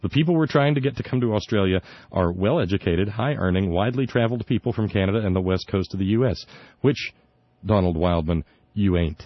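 Indignant low-voiced male radio host. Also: brisk, no echo. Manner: indignant, sarcastic, stumbling restarts. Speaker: radio talk show host. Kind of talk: opinionated political commentary. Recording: dull lo-fi dry recording.

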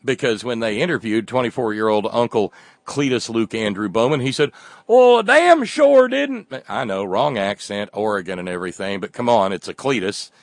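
A man's voice: lowish voice, fairly quick, no room sound. A man delivering a sarcastic satirical monologue as a commentator, often restarting his words.

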